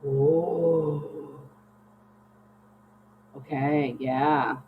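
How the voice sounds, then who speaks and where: A woman co-hosting a casual podcast chat, expressive and swearing casually as she jokes. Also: very slow. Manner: expressive, swings high when joking, swears casually. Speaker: podcast co-host. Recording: dull lo-fi mic with faint hum.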